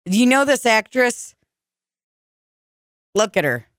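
A young woman hosts a casual podcast with a fairly high voice, swearing freely and rambling from one story to the next. Her voice sounds dry and close, with no room around it. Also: big pitch swings, takes it slowly, no room sound. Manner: profane, laughing, rambling storyteller. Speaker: podcast host.

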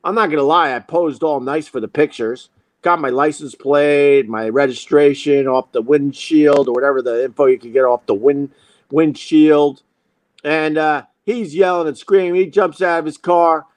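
A man's voice: fairly high pitch, steady tone, moderate pace, no echo. A man telling a comic story in a profane, self-mocking monologue as host.

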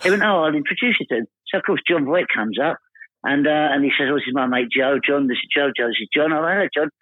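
A man from Essex with an Essex accent, telling comic anecdotes as a podcast guest, quoting people in animated voices. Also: on the high side, slightly rough, dry recording. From Essex, England. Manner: rapid storytelling, animated quoting of others. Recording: tinny phone-like dry line.

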